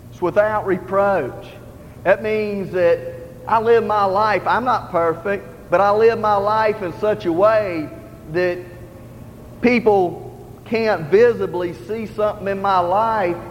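Speaking slowly in a steady, high-sitting voice, a male lay preacher gives an earnest, conversational sermon in church and restates his points. There's slight background noise, and the hall sound is dull and roomy with faint ambience.

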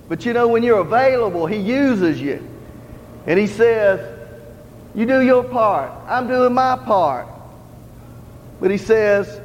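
A lay preacher delivers a sermon in a church, his high-sitting voice earnest and conversational as he repeats his points. The hall recording is dull and roomy, with faint ambience and slight background noise.

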